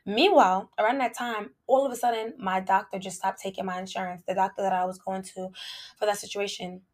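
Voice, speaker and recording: Woman podcast host chatting about her faith, animated and colloquial, talks right at the listeners. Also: medium pitch, fairly quick. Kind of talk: casual faith testimony.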